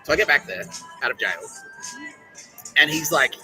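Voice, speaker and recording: A man's voice: on the high side, lively intonation, normal speed, music in the background, poor audio. An Australian man hosting a podcast, delivering a profane, rambling monologue and mocking the people he talks about. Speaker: podcast host.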